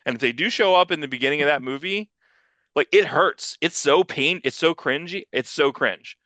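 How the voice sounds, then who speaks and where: Man, casual podcast co-host, bright forceful voice, dry close sound, rambling and cursing, animated. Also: a little high, normal speed, dry recording. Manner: rambling, profane, animated, acts out quoted voices. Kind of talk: casual comics podcast chat.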